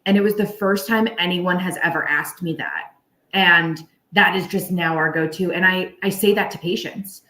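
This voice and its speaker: A woman co-host talking in a relaxed, reflective way on a live stream. Her voice sits a little low, and it rings in an echoey room. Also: normal speed. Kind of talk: casual chat.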